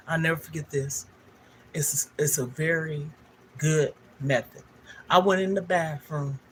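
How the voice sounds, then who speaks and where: A woman's voice: deep voice, a little hiss or hum. An older woman, a livestream host telling a candid, emotional personal story straight to her viewers.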